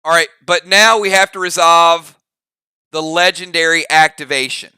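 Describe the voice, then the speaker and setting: A man running a live online role-playing game, calling out moves and damage in an upbeat, drawn-out play-by-play. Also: fairly high pitch, steady tone, bright, forceful tone, clean tone, no room sound, studio quality. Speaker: game master. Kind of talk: live game narration and commentary.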